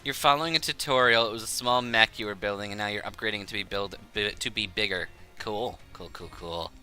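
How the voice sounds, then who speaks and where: A man's voice: fairly low pitch, fairly even intonation, fast talker, pushed and bright, faint music behind. A man streaming a game, chatting casually, rambling and laughing often. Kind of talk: casual chat while gaming.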